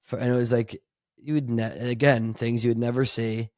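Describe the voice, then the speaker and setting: Here a male podcast co-host talks casually and rambles, dropping in lots of fillers, restarts and laughs. His mid-range voice is level in tone and a little mellow, at normal speed, in a studio-quality recording with no room sound.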